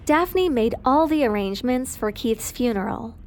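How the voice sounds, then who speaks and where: A woman narrating a dramatic family story in a scripted, even storytelling delivery. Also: a little high, normal speed.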